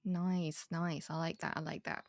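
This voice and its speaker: A woman's voice: deep voice, little pitch movement, normal speed, no room sound. A woman hosting a podcast, teasing and giggling through a quiz game with her guest. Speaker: podcast host. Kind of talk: casual interview chat.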